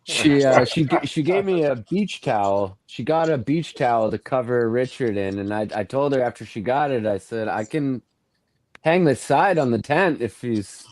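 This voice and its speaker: A man telling a story in a casual chat, halting and restarting often. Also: mid-range voice, lively intonation, darkish tone, no echo. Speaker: guest crew member.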